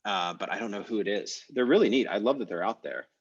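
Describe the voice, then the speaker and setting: A man with a somewhat low voice teaches a language class over a video call. He thinks aloud, pausing on fillers and restarting sentences. The call audio sounds slightly muffled. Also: expressive, slightly rough. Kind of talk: online class discussion.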